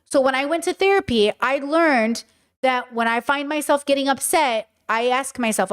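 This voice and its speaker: Animated high-voiced American woman host. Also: brisk, clear, resonant tone. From United States. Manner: animated, swears often, acts out quoted reactions. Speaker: podcast host. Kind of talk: casual monologue.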